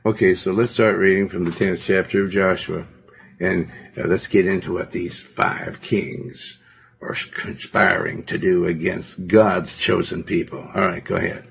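A man's voice: deep voice, level tone, unhurried, creaky, slightly rough. A male pastor preaching a sermon in a domineering, rambling way, full of fillers. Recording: dull lo-fi recording.

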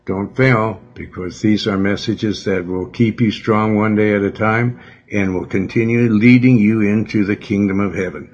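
A man's voice: lowish voice, steady tone, normal speed, dull audio. A man, a pastor, leading a prayer and closing a radio sermon with fervent, earnest repetition.

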